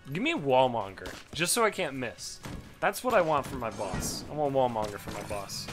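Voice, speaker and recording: Guy doing let's play commentary, swears a lot, gets loud and mad, game music going underneath. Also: mid-range voice, very animated, moderate pace. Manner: profane, swings into loud frustrated outbursts. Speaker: gaming YouTuber.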